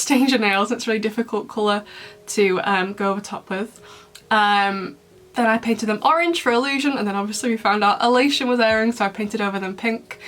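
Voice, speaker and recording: A woman's voice: medium pitch, a bit bright. A young woman chatting casually to camera, bubbly and rambling, laughing often. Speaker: YouTuber reviewing fan memes.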